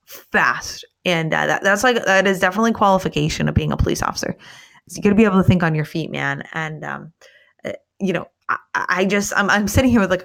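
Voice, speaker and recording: A woman's voice: fairly low pitch, creaky, a bit bright. A woman who is a police officer hosts a podcast in a casual, rambling monologue, swearing freely and talking tired late at night. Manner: rambling, profane, emphatic, many fillers.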